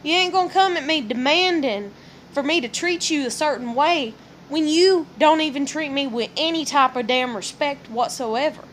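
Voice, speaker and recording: Blunt, profane woman venting, high voice. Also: normal speed, fairly bright tone, slight background noise. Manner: blunt, profane, heated, quotes others in dialogue. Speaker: parent venting about relationships. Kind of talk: casual vlog rant.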